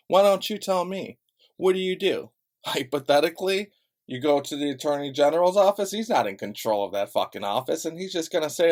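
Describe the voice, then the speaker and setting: A man's voice: a little high, expressive, fairly quick, a little mellow. A man from Chicago delivering a heated, sarcastic, profane rant straight to camera. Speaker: vlogger.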